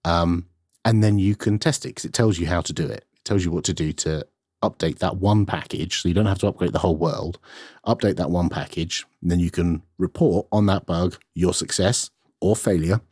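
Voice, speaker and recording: A man's voice: sits low, moderate pace, a little mellow, husky, no echo, clean studio sound. A man co-hosting a casual tech podcast, explaining things in a matter-of-fact way with plenty of ums and uhs and reading out listener mail. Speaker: podcast co-host.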